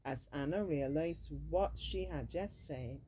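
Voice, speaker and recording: A woman's voice: deep voice, a little slow, mellow, slight background noise, rough recording. A woman reading a storybook aloud expressively, dropping in casual asides of her own. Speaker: storybook reader.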